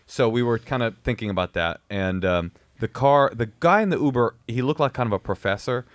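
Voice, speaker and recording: A man's voice: medium pitch, a little fast, no room sound. A comedian in his thirties telling a story in casual chat, acting out the other people's lines in put-on voices. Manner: animated, acts out quotes in other voices.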